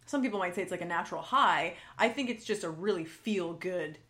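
Woman, podcast host, somewhat low voice, chatty, says "like" a lot. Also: lively intonation, brisk, fairly bright tone. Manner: bubbly, chatty, says "like" often, laughs easily. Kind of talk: casual podcast conversation.

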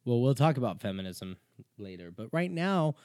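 A man hosting a casual comedy podcast, with a lively voice that swoops up and down as he jokes. He plays up his own ego in a self-mocking way. The recording is dry and close. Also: medium pitch, normal speed, no echo. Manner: playful, self-mocking, jumps into bits. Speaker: podcast host and creator.

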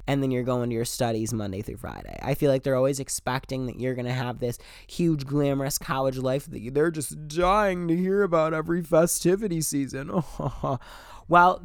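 A young adult man hosting a podcast, giving casual advice in an animated, profane, slangy way. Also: medium pitch, clean tone, no echo, clean studio sound. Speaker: podcast host.

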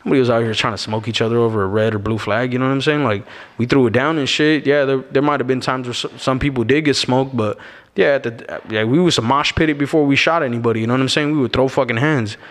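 A man from Arizona sits in as a podcast guest and tells a story in a loose, slangy way, tagging "bro" and "dog" onto nearly every phrase. His voice sits at an ordinary middle pitch. The recording carries a long, echoing reverb. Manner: slangy, laid-back, fills every pause with "bro" and "you know what I'm saying". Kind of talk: casual storytelling.

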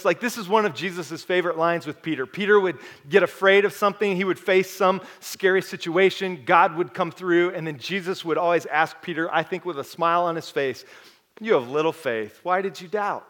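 A young adult male pastor preaching a sermon, telling a personal story with animated energy before turning soft and earnest. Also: a little high.

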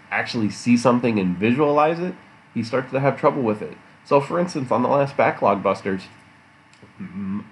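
A man's voice: fairly low pitch, a little hiss or hum. A man hosting a solo podcast, rambling casually and teasing his listeners with jokes. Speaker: podcast host.

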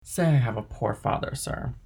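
A man's voice: mid-range voice, normal speed, creaky, a little mellow, husky. A man reading the part of an earnest, devoted young sailor who speaks respectfully to his employer in an audiobook.

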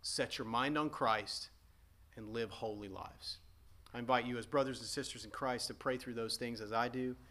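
Male pastor, earnest emphatic sermon delivery, bright tone. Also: mid-range voice, moderate pace. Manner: earnest, emphatic preaching with frequent restatements.

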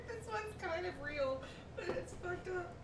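A woman's voice: very high voice, animated, measured pace. A woman in casual chat, laughing often and playful, recorded in a roomy, distant, noisy setup. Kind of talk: casual chat trading movie quotes. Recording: roomy, distant mic with noise.

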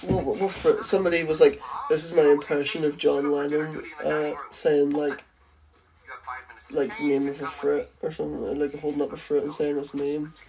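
A woman's voice: sits low, little pitch movement, moderate pace, a crowd in the background, low-quality recording. A young woman co-hosting a casual watch-along podcast, joking bluntly and swearing freely. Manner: blunt, jokey, sweary banter. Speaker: podcast co-host.

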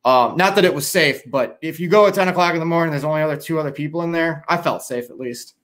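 A fairly high-voiced middle-aged man from Chicago, chatting on a livestream. He rambles loosely, sounds tired, and swears freely. He talks to his viewers in a loose, unscripted way. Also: fast talker, a bit bright. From Chicago area. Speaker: livestream host. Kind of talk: casual livestream chat.

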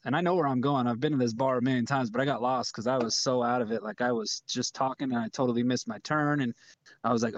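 A man's voice: no echo, muffled recording. Laid-back rambling man telling a story. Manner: laid-back, rambling, drops to a low mutter for his own thoughts. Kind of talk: casual comedic storytelling.

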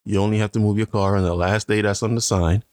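A man's voice: fairly low pitch, steady tone, quick pace, a little mellow, no echo. A man co-hosting a casual chat, a father bragging in a playful, mock-serious way. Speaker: podcast co-host, father.

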